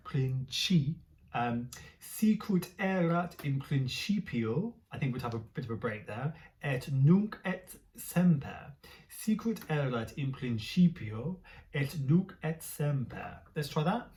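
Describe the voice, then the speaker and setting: A woman leading a choir rehearsal, chanting Latin phrases slowly and adding soft, quick tips in an encouraging, relaxed way. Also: low-pitched, a little hiss or hum. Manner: chanting slow Latin demonstrations between quick, soft asides. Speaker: choir leader.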